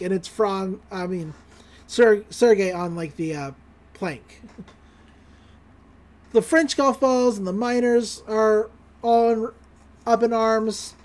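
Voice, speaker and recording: A woman's voice: on the high side, takes it slowly, long pauses, darkish tone. A woman podcast host giving a casual, chatty recap of a cartoon episode and acting out the lines as she goes. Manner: chatty, full of fillers, acts out quotes.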